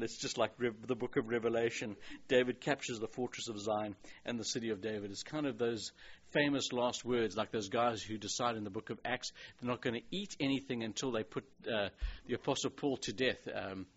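A man's voice: mid-range voice, brisk, breathy edge. A man from South Africa with a South African accent, teaching a Bible passage as a pastor in a chatty, digressive way with many restarts. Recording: dull lo-fi recording.

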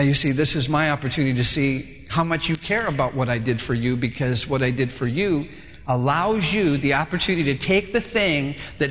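A man voicing God as a patient, firm figure who calmly instructs a believer. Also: on the high side, voice pushed down, natural voice. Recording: long hall reverb.

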